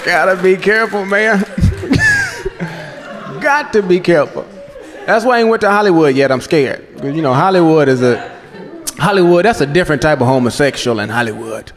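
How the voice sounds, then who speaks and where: A man performing a stand-up comedy set, telling profane, animated stories on a club stage before a live audience. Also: a little high, a little fast. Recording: live club recording with echo, audience laughter and noise.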